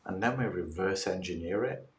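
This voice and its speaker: Male guest coach, low voice, lively storyteller; distant, echoey call audio with faint background hum. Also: moderate pace. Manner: animated storytelling, acts out clients' replies. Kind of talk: casual interview talk. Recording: roomy, distant mic with faint ambience.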